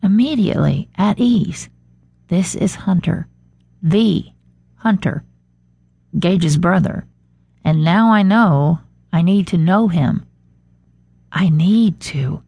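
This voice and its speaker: Gravelly low woman narrating close and dry. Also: unhurried, darkish tone, dry recording. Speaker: audiobook narrator. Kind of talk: scripted first-person narration.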